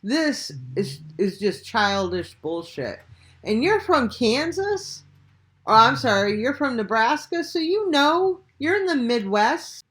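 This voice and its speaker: A woman's voice: on the high side, big pitch swings, takes it slowly, a bit bright. A woman hosting a reaction video, talking casually and bluntly, with swearing and rhetorical questions. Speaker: reaction channel host.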